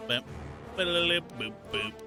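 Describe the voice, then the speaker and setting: A man's voice: medium pitch, lively intonation, moderate pace. Mumbling man scatting over game music. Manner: mumbles, reads menus aloud, scats nonsense sounds. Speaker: streamer. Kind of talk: casual gameplay commentary.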